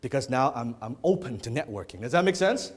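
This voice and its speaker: A male business speaker addressing a live audience, his pitch swinging widely as he tells his stories. He talks bluntly, swears casually and repeats phrases for emphasis. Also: a little fast, slightly rough. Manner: animated storytelling, blunt and profane, repeats phrases. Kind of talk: motivational talk to a live audience. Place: event hall before an audience.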